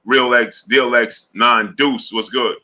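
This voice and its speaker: A man hosting a casual boxing livestream, shouting out chat names and repeating his calls to action. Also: medium pitch, fairly even intonation, slow. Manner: repeats a call to subscribe.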